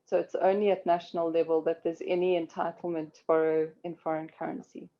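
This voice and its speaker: A woman presenting a legal webinar, explaining carefully in a measured way with frequent pauses and "um"s. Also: on the low side, little pitch movement, lo-fi sound. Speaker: corporate law expert presenting.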